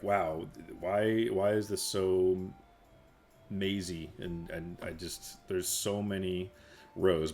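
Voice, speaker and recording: A man's voice: low voice, creaky, darkish tone. A man narrating as game master of a tabletop game, rambling through scenes with many fillers. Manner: rambling, filler-heavy storytelling.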